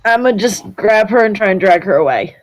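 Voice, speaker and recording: A woman playing a tabletop game, excitable and flustered as she says what her character does. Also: mid-range voice, a little fast, rough recording. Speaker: player. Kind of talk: casual tabletop play.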